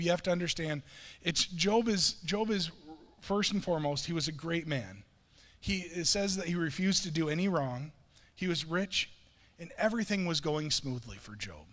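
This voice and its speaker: A middle-aged man pastor telling a self-mocking story in a sermon, animated and quoting himself and others. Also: high voice. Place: church sanctuary. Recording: long reverb of a church hall.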